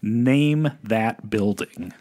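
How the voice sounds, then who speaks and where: A man's voice: fairly low pitch, very slow, mellow. A man co-hosting a podcast, chatting casually and reading quiz questions in a polished radio voice, laughing often. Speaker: podcast co-host and quiz master. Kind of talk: casual chat.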